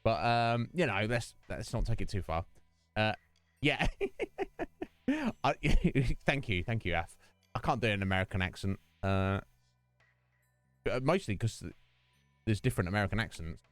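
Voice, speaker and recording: A British man streaming a game, musing aloud to his viewers in a relaxed, rambling way with plenty of ums and restarts. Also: on the low side, moderate pace, long pauses, dry recording, soft background music. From United Kingdom. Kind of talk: casual chat during a game stream.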